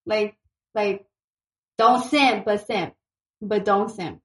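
A woman's voice: mid-range voice, low-quality recording. A woman in a casual chat, teasing and gossipy, laughing often as she talks.

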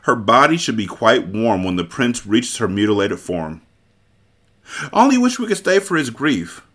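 A man's voice: medium pitch, very animated, normal speed, a bit bright, breathy edge. A man voicing a conceited, scheming Sicilian kidnapper in a storybook reading, talking in a smug, bossy way.

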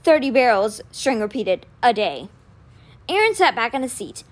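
A woman's voice: on the high side, very animated, moderate pace. A woman reading aloud, voicing a cold, ambitious young male official who speaks curtly in a storybook. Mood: probing. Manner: curt, clipped.

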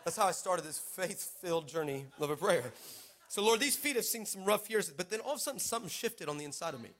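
A man preaching a lively sermon at a church service, telling stories with laughter and building to shouted exhortation. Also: high-pitched, quick pace. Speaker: pastor. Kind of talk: sermon with storytelling.

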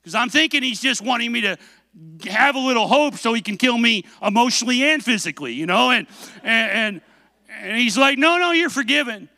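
A man preaching a sermon, telling a self-mocking story with animated delivery and asking the congregation questions. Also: extremely high pitch, brisk, no room sound.

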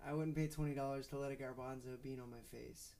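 A man's voice: mid-range voice, steady tone, fast talker, creaky, warm tone. A man guesting on a podcast, bantering playfully and laughing often in casual chat.

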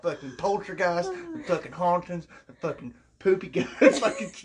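A man voicing a rowdy, beer-loving hillbilly who whoops and cusses in a loud drawl. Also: high-pitched, normal speed, crowd noise, voice pushed up, natural voice. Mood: rowdy hollering.

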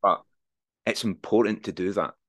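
Deep-voiced man in his forties. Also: moderate pace, fairly bright tone. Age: 40s. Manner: earnest, reflective, swears freely. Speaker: podcast guest. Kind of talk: candid interview conversation.

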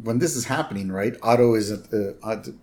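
A man's voice: on the low side, fairly quick, a little mellow. Man casually recapping a cartoon episode. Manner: retells scenes with quoted lines, fillers and "right?". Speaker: podcast co-host.

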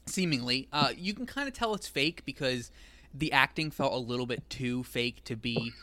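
A man's voice: mid-range voice, lively intonation, normal speed, bright, forceful tone, no echo. A man in casual chat, recapping a film in a rambling way, laughing often and acting out quoted lines.

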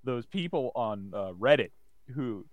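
A man's voice: medium pitch, animated, a little slow, no room sound. A man co-hosting a podcast, chiming in with teasing, joking remarks. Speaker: podcast co-host. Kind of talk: casual chat.

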